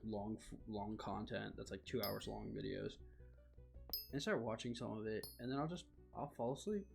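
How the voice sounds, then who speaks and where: A man's voice: mid-range voice, gravelly, darkish tone. A young man streaming a video game, chatting casually and rambling with lots of fillers and self-deprecating asides. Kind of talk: casual gaming livestream chat.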